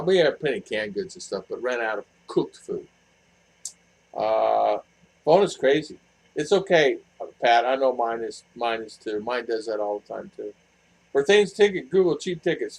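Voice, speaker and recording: A man's voice: mid-range voice, low-quality recording. Blunt rambling older man chatting. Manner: rambling, blunt, repeats himself. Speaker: vlog host reading live chat. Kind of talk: casual live-stream chat. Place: home in the Philippines.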